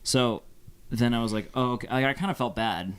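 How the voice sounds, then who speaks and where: A young man from Phoenix co-hosts a podcast, chatting casually and rambling through a story with many fillers. His medium-pitched voice is fairly bright and clean, delivered at a moderate pace.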